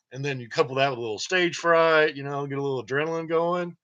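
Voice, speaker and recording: A man's voice: a little high, fairly even intonation, brisk, few pauses, a bit bright, lo-fi sound. Joking man rambling on a stream. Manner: joking, rambling, laughs often. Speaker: channel host. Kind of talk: casual rambling livestream monologue.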